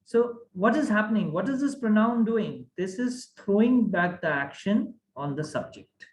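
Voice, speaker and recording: A man's voice: high-pitched, normal speed. A man teaching a grammar class online, often checking that the class follows. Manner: animated, asks the class many checking questions. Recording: echoey room.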